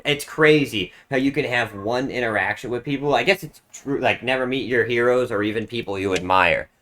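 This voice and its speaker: Bright-voiced rambling streamer, a man. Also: mid-range voice, brisk. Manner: rambling, animated, swears casually. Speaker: streamer reacting. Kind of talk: casual live reaction chat.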